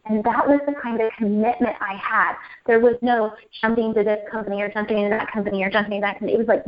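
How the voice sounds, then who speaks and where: A woman telling her personal story in an interview, animated and emotional, repeating phrases as she goes. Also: mid-range voice, fast, hardly any pauses. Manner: animated, repeats herself, laughs and tears up. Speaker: interview guest. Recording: muffled lo-fi audio.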